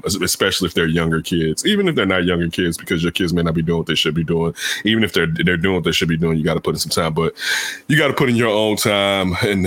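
A man who is a parent, telling stories in casual chat, acting out quotes in high voices and laughing often. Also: fairly bright tone.

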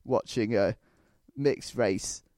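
A man's voice: fairly low pitch, slow pace, mellow, no room sound, clean studio sound. A man co-hosting a comedy review podcast, chatting in a playful, punning, slightly hesitant way. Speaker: podcast co-host. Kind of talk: casual review chat.

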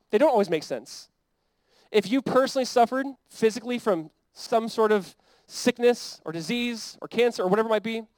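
An American man preaching with a fairly high voice, recorded close and dry with almost no room sound. His delivery is conversational and earnest, and he voices the scripture quotes as if the speakers were talking. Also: darkish tone, dry recording, poor audio. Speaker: pastor. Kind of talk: sermon.

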